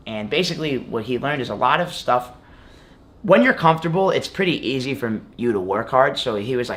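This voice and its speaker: A guest wrestler in his twenties tells a story in an interview, his mid-range voice expressive, fairly quick, and fairly bright. He rambles casually, restarting often and filling it with many "like"s.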